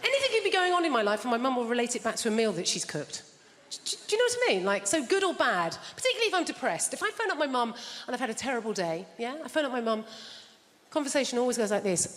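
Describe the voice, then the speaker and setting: A woman from England doing a stand-up set on a theatre stage with a handheld mic, dry and self-deprecating, with quick asides to the crowd. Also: on the high side, big pitch swings. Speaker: stand-up comedian. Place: large theatre stage before a live audience. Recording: loud hall reverb, heavy crowd noise.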